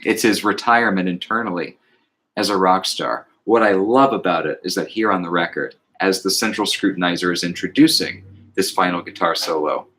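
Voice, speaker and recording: A man with a fairly low voice talks through an album with a co-host. He is reflective and thoughtful, and he slows into a measured cadence when he recites lyrics. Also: a bit bright. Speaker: podcast co-host. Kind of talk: casual music discussion.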